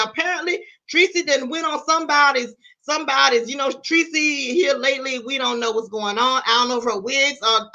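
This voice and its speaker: Sassy high-voiced woman streamer. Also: sharp tone. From Virginia, US. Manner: sassy, blunt, calls viewers "y'all" and "honey"; swears freely, dramatic retelling. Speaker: YouTube commentary host. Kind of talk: live-stream gossip commentary.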